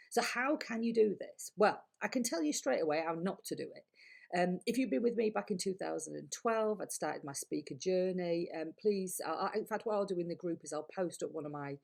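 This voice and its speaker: A Yorkshire woman coaching on public speaking in a candid, chatty talk to camera. Her voice sits fairly low and carries a gravelly, frayed edge. She throws in blunt asides as she goes. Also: a little mellow. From Yorkshire, England. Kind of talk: casual to-camera advice talk.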